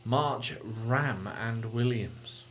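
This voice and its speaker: A man's voice: medium pitch, extremely slow, fairly bright tone, a little hiss or hum. A man co-hosting a casual motorsport podcast, chatty and laughing often, now and then singing a line to his guitar. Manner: chatty, laughs often, sings snatches of songs. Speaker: podcast co-host.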